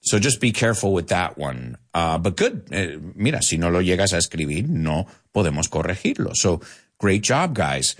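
A man with a deep voice and a moderate pace teaches English in a live lesson. He reads viewer comments aloud and corrects them with a laugh, animated and switching between English and Spanish to explain.

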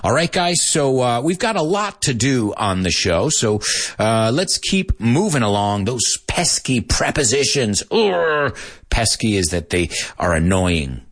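A man's voice: mid-range voice, very animated, measured pace. A man hosting a casual live English lesson, joking and laughing a lot and dropping into Spanish asides. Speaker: English teacher and show host.

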